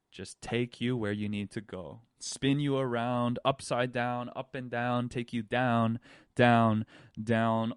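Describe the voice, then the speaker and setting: A man hosting a spiritual podcast, telling a story in a slow, dramatic way, with repeated phrases and swings between whispers and panicked outbursts. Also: medium pitch, clean tone, no room sound, clean studio sound. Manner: repetitive, hypnotic phrasing. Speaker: podcast host.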